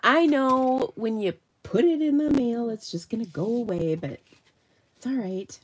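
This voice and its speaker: A woman's voice: on the high side, a little slow, breathy edge. A middle-aged woman hosting a live card-making tutorial, chatty and self-deprecating as she thinks aloud while she works, her voice slightly nasal. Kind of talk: live crafting demonstration.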